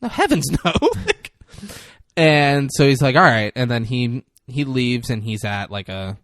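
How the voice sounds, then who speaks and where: A man co-hosting a podcast, recapping a movie in casual chat and jumping between quick voices for the characters. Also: mid-range voice, dry recording, studio quality. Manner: animated retelling with quick voice shifts. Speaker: podcast co-host.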